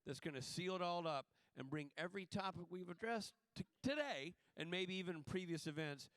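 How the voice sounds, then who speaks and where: A man from the American South, a panel guest and TV director, telling animated, joking stories in a casual convention Q&A. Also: sits high, a little fast, dry recording. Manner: animated storyteller, jokey, acts out voices. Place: convention hall stage.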